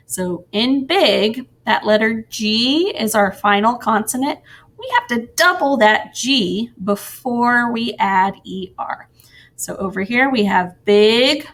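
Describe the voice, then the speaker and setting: Her voice a little high, a woman teaches young children grammar in a recorded lesson. The delivery is slow and sing-song, dotted with gentle, encouraging asides.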